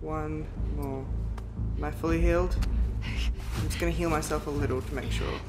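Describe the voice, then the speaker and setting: A woman doing let's-play commentary, chatty and excitable, squealing at surprises and talking back to the enemies. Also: low voice, moderate pace. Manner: chatty, talks to the viewers and the enemies. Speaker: gamer playing a story game. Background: loud game music and gunfire.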